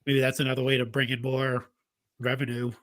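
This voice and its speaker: A man's voice: medium pitch, monotone, brisk, a bit bright. A man co-hosting a casual wrestling podcast, rambling with many fillers like "you know" and "uh". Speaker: podcast co-host. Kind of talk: casual chat.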